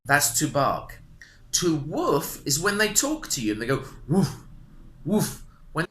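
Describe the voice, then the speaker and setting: A man teaching a beginner language lesson, speaking slowly with a lot of repetition and animated intonation. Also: on the high side, noisy background. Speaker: English teacher. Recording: roomy echo.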